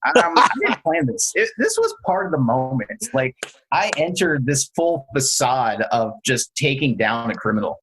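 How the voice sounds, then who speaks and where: A man co-hosting a podcast, telling a story in a casual, animated way and acting out the quotes. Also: mid-range voice, moderate pace, slight background noise, rough recording. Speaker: podcast co-host.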